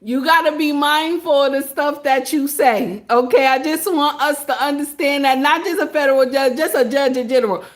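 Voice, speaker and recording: A woman's voice: sits high, normal speed, few pauses. A woman vlogger giving casual commentary, chatty and repetitive, often breaking into laughter.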